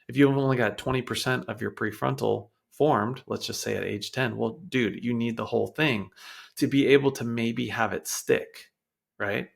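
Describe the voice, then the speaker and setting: A man's voice: medium pitch, gravelly, fairly bright tone. A man hosting a show, explaining child behavior in a casual, conversational way, often acting out quotes from parents and kids. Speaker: podcast host.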